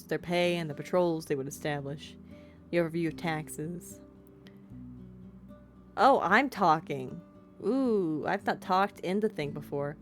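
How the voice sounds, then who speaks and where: A woman streamer playing a story game, reading the text aloud and chatting in a casual, self-deprecating, giggly way. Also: low voice. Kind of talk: casual let's-play commentary and narration.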